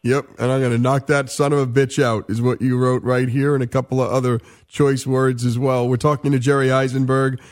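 A man's voice: medium pitch, flat delivery, a little fast, few pauses, a little mellow. A man hosting a radio interview, enthusiastically plugging his guest's book. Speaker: radio host.

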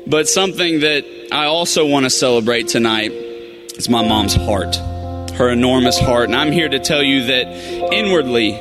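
A man giving a memorial speech, slow and deliberate with pauses. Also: mid-range voice, lively intonation. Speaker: eulogy speaker. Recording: reverberant arena, faint music.

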